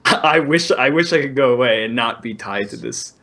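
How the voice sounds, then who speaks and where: A man hosting a casual video game news podcast, chatty and quick to laugh. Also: medium pitch, animated, fairly bright tone, a little hiss or hum. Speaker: podcast host. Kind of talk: casual chat.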